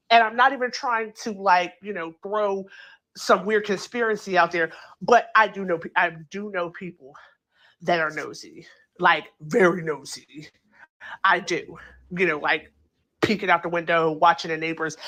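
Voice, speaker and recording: A woman hosting a casual true crime chat, talking it through in an animated, incredulous way and acting out quotes, with plenty of filler words. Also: fairly low pitch. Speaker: true crime channel host. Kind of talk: casual commentary.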